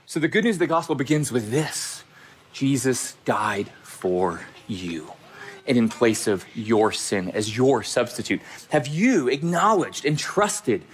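A man's voice: a little high, breathy edge. A male pastor preaching a sermon, speaking emphatically and repeating phrases for stress.

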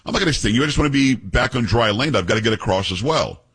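A man's voice: mid-range voice, lively intonation, quick pace, fairly bright tone, slightly rough. A man voicing a deceitful scorpion in a retold fable, speaking in a coaxing, reassuring way. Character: smooth-talking deceitful male scorpion.

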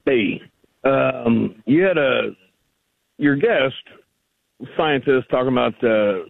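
A man's voice: mid-range voice, lively intonation, slow pace, vocal fry, no echo. A man calling in to a radio show, making a rambling, argumentative case with many fillers. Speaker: caller. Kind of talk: call-in radio conversation. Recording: tinny phone line.

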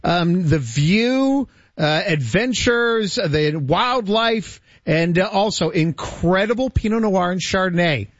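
Brief: a high-pitched male sports radio host, playful and self-mocking, on dull lo-fi broadcast audio. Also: lively intonation, slow, few pauses, no echo. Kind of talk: casual radio chat, reading listener tweets.

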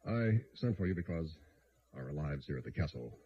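A haunted, gravelly-voiced count. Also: male voice, rumbling low, sing-song, full character voice. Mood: uneasy. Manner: anxious, halting, urgent. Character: nervous haunted male count, castle owner. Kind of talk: 1940s radio acting. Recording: dull old radio broadcast with faint hiss.

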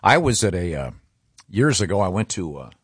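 A man hosting a radio show, telling a story in a rambling, halting way with plenty of fillers. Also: deep voice, very animated, slightly rough, no room sound, clean studio sound. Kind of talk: casual morning show banter.

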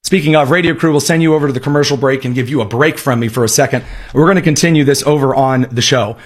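A man's voice: medium pitch, fast, slightly rough. A man hosting a radio talk show, giving sarcastic, emphatic political commentary and reading quotes aloud.

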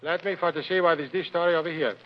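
A man's voice: on the high side, quick pace, close to an everyday voice. An actor playing a bumbling male restaurant owner who speaks comic broken English with mangled grammar, in a 1940s radio comedy. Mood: chatty. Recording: noisy, dull old radio broadcast.

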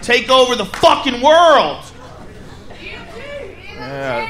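A man doing a loud, profane stand-up comedy set, often shouting and laughing. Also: high-pitched, animated, moderate pace. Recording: live club recording with crowd noise. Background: audience noise.

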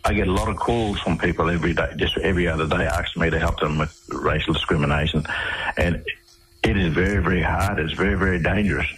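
An Australian man telling stories of his court cases in a radio interview, halting, with many fillers and restarts. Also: sits low, a bit bright, slight background noise, poor audio. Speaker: interview guest. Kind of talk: phone-in radio interview, storytelling.

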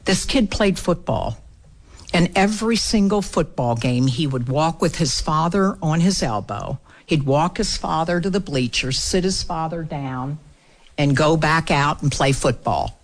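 A woman's voice: low-pitched, animated, unhurried. A woman speaker from the United States, telling an earnest story on a public affairs talk program and acting out the quoted dialogue. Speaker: guest speaker.

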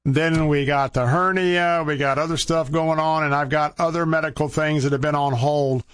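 A man's voice: on the high side, fairly even intonation, fairly bright tone, smooth, dry recording. Earnest older male radio host. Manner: earnest pleading, repeats phone number slowly. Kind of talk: radio fundraising appeal.

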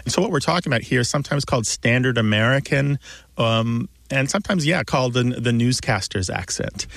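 A man co-hosting a call-in show on the radio, easygoing and talkative. He lays out his explanations at length and laughs now and then. His voice sits at an ordinary middle pitch. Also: expressive, brisk, vocal fry, a bit bright, dry recording. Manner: chatty, explanatory, laughs easily.

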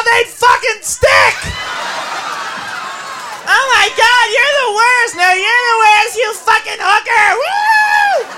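A woman's voice: very high-pitched, noisy background, pitched above the performer's own voice, exaggerated voice. Woman doing a rowdy, whooping drunk party girl. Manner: loud, whooping, crude. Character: rowdy drunk young woman at a ladies' night.

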